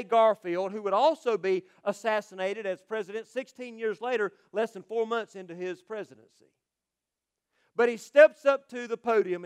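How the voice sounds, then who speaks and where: A male pastor preaching a sermon, swinging between loud proclamations and quiet, quick asides. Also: high voice, clean tone.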